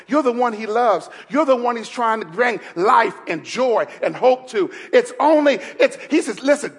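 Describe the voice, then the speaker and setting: A man preaching a sermon as pastor, laughing between lines and building to shouted, repeated calls to the congregation. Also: extremely high pitch, slightly rough. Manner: repeats phrases, laughs while speaking.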